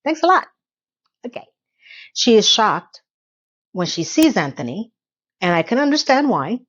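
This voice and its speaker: A woman giving a casual, opinionated TV recap, chatty and rambling with quick asides, now and then acting out lines from the show. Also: mid-range voice, muffled recording. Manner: acts out characters' lines in quick quotes. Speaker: TV recap reviewer.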